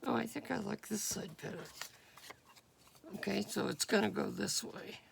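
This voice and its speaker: A woman crafting at a table, talking through each step with a gruff morning voice, thinking aloud and sometimes dropping to a whisper. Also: medium pitch, a crowd in the background. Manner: unhurried, thinking aloud with fillers and drops into whispers while working. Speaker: crafter demonstrating a junk journal project. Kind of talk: casual step-by-step craft demonstration. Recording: clear background noise with clicking of craft tools.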